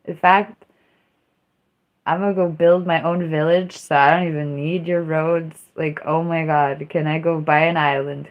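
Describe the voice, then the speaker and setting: A woman's voice: low voice, steady tone, measured pace, muffled recording. A woman streaming live, chatting casually in a rambling, self-mocking way with dramatic outbursts. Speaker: livestreamer. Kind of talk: casual livestream chat.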